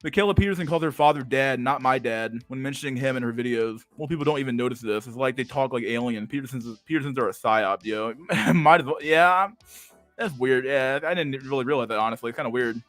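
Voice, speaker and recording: A man streams a casual rant and reacts to chat, cursing freely, laughing often, and stumbling over repeated words. His medium-pitched voice is a little fast and a bit bright, with no room sound and soft background music.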